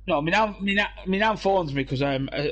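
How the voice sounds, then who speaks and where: A young British man with a high-pitched, fairly bright voice talks fairly quickly into a headset at home. He's gaming and streaming with friends, rambling through stories packed with swearing and laughter.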